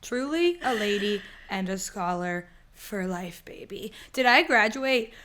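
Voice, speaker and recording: A young woman from the northern United States co-hosts a casual podcast. She swears freely and keeps up a stream of self-mocking jokes. Her voice is bright and forceful. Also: mid-range voice, lively intonation, a little slow. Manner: profane, self-mocking joking. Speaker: podcast co-host. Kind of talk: casual chat.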